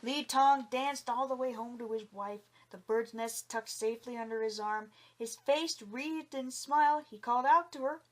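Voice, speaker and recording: A woman narrating a folk tale in an expressive storybook reading. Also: on the high side, moderate pace, hardly any pauses.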